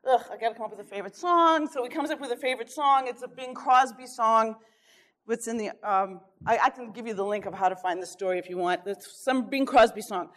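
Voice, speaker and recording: Woman, workshop speaker, lively storyteller, slightly high voice. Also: fairly quick. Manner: lively anecdotal storytelling with chuckles. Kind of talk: storytelling lecture.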